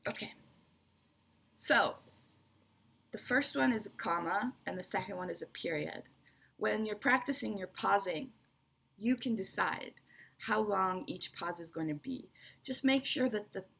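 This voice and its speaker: A woman teaches English presentation skills in an online lesson, explaining step by step, repeating key points and checking in with frequent "right?" and "okay." Her voice sits on the low side, fairly bright, with vocal fry and a breathy edge.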